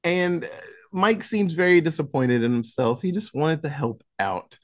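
A man's voice: a little high, animated, unhurried. Rambling man recapping a movie. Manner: rambling, lots of "like" fillers and restarts; casual, chuckles while recapping. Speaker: podcast co-host.

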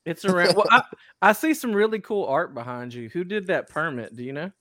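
A man's voice: sits high, brisk, dry recording, clean studio sound. A man co-hosting a podcast in casual chat, telling stories with lots of energy and laughter. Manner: animated storyteller, laughs often. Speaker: podcast co-host.

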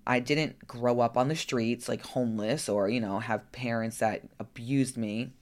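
A woman's voice: very deep voice, steady tone, measured pace, darkish tone. A woman coach talking candidly in a personal vlog, frank and chatty, now and then cursing and asking rhetorical "right?" questions. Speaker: lifestyle coach.

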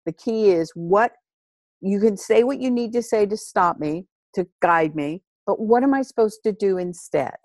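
A woman's voice: medium pitch, moderate pace, a little mellow, no echo, clean studio sound. A woman host in a podcast conversation, talking about parenting in an emphatic, instructive way and repeating her key phrases.

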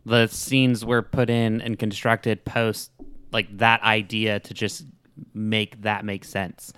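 Man, low smooth voice, wry, casual podcast chat, dry sound. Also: little pitch movement, slow, a bit bright, no room sound.

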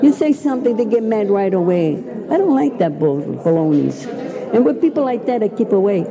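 A woman's voice: medium pitch, big pitch swings, brisk, highs cut off, crowd noise. An older woman, chatty and rambling as she tells stories of the old days in an interview. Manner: chatty, rambling, laughs at her own stories. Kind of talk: reminiscing oral history.

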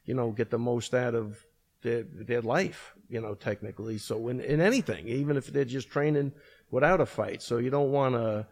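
A man's voice: mid-range voice, moderate pace. A middle-aged man who runs a martial arts school, telling stories in a casual, rambling way full of fillers. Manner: rambling storyteller, many fillers. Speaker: martial arts gym owner. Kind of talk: casual podcast chat.

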